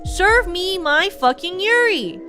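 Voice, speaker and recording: A woman's voice: very high-pitched, sing-song, slow. A young woman streaming a game, ranting casually and swearing a lot. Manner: profane, ranting, exasperated. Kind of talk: casual gameplay rant. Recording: game music behind.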